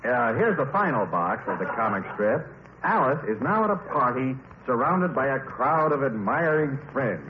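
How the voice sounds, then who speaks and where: Wry, halting radio comedy host. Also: male voice, medium pitch, very animated. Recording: old lo-fi radio recording with hiss.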